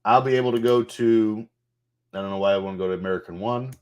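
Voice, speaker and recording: A man's voice: fairly low pitch, quick pace, darkish tone, clean tone, lo-fi sound. Man casually talking through a game. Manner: loose, profane, thinking aloud while clicking through menus. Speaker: gameplay streamer. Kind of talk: casual game walkthrough commentary.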